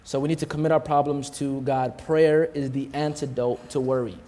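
A man's voice: medium pitch, flat delivery, normal speed, mellow. A man preaching a sermon in a casual, slangy way, calling out to the congregation, hot and sweating as he talks. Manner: casual, slangy preaching with call-outs to the crowd. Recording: long hall reverb.

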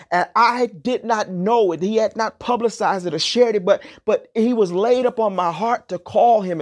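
A man preaching an impassioned sermon who often repeats words and restarts phrases as he builds to emphatic declarations. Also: high-pitched.

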